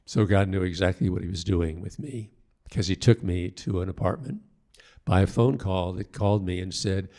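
An older man, a priest, telling stories from his past in a reflective, halting way and acting out the voices of the people he quotes. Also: sits low, creaky, dark tone. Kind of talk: storytelling talk.

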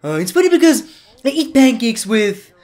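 Young man doing a pompous, stumbling wrestling-boss impression, loud and high. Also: big pitch swings. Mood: mock-pompous. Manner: halting, repeating "uh, it's funny because". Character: mock impression of a male wrestling boss, halting and smug.

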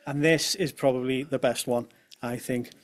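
A young man presents a talk to a room of listeners. His voice sits at an ordinary middle pitch, and he keeps things light with humorous asides. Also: steady tone, normal speed. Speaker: speaker at a talk on language.

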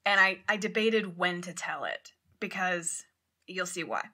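Podcast co-host, woman, bright tone, lively storyteller who swears and shouts out quotes. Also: lowish voice, a little slow. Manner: animated, swears, acts out quotes loudly. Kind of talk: casual storytelling chat.

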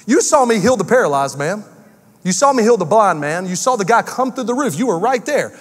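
A male pastor preaching a sermon in a church, acting out quotes with shifts in pitch and pace. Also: very animated, fairly quick, big-room sound.

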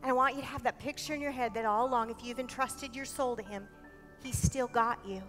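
Brief: woman pastor, high voice, earnest sermon delivery with soft-to-loud swings, faint music behind. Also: steady tone, a little fast. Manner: earnest, emphatic, swinging between quiet and loud. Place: church service.

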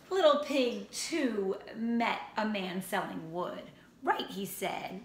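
A woman teacher reads a storybook to young children with slow, expressive pacing. Her voice is bright and clear. The room around her is echoey, with a faint hum of background noise. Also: mid-range voice. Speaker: first grade teacher. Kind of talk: reading a picture book aloud to children. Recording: roomy echo, faint ambient noise.

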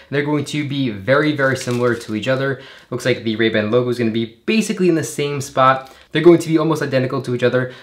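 Calm man walking through a product comparison. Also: mid-range voice. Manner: methodical, calm, repeats "going to be". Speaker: product reviewer. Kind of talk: unboxing voice-over. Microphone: shotgun mic.

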